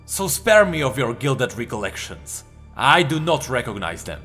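A man voicing a weary, haunted male god who speaks gravely in a storybook reading. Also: medium pitch, big pitch swings, normal speed, pushed and bright, faint music behind. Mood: grim.

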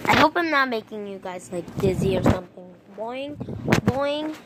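Lively high-voiced woman vlogging outdoors. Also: moderate pace. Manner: excitable, playful sound effects, sudden yelps. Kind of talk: casual vlog commentary. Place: outdoors in a storm. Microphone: phone. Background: thunder and rain noise.

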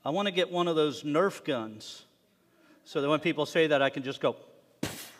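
Guy preaching, high voice, goes loud then hushed, long echo off the sanctuary walls. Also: fairly quick. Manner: animated, swinging from loud emphatic to hushed. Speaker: congregation leader preaching. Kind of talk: sermon. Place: synagogue sanctuary. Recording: long reverb of a worship hall.

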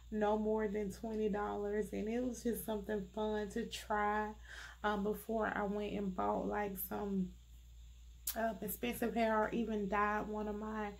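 A woman's voice: mid-range voice, darkish tone. A woman hosting a casual wig review vlog, chatty and full of fillers, talking through a congested, sinus-blocked nose. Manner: unhurried, chatty, many fillers. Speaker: wig reviewer, channel host.

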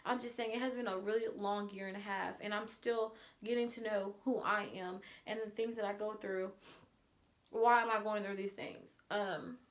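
A woman's voice: medium pitch, fairly even intonation, moderate pace. A woman talking to the camera in a casual personal vlog, earnest and confessional, at times emotional. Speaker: vlogger.

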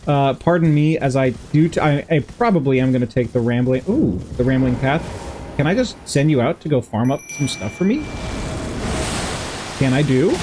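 A man's voice: on the high side, very animated, moderate pace, noisy background. A man playing a video game and chatting through it in a playful, rambling way, giggling and talking to the characters on screen. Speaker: gameplay streamer. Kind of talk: casual game commentary.

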